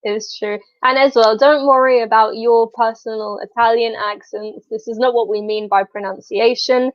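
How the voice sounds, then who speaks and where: Female English teacher, supportive, fairly high voice, dry and slightly muffled video-call audio. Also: steady tone, moderate pace, dry recording. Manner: friendly, supportive, giving short pointers. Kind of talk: online English lesson. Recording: dull lo-fi sound.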